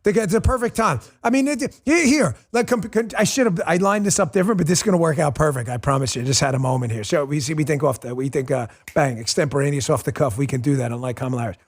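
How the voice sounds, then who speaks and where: Brief: forty-something male show host, blunt and emphatic, live-stream commentary, slightly high voice. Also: fast talker, hardly any pauses. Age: 40s.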